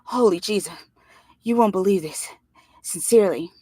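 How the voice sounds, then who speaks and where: A woman reading a story aloud, voicing an excited, breathless boy who talks urgently and earnestly. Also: mid-range voice, normal speed, slightly rough, dry recording, studio quality, close to an everyday voice.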